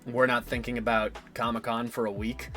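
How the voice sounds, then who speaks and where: A young man in his twenties talks loosely to his stream audience from home. He rambles, swears easily and keeps breaking into laughter. His voice sits at an ordinary pitch, with soft music playing underneath. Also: level tone, fairly quick. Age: 20s. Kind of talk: casual stream chat.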